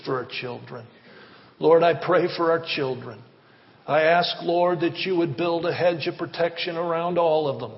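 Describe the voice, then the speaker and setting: A man preaching and praying as a pastor, fervent and rhythmic, with repeated appeals. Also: a little high. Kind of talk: sermon with prayer. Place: church hall. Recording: reverberant, dull church recording.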